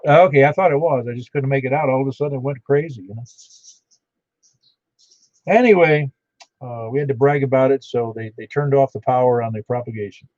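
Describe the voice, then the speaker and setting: A man's voice: mid-range voice, fairly quick, a little mellow, no echo. A man running an amateur radio net, chatting casually with callers and reading out call signs in a folksy way. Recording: dull lo-fi radio audio.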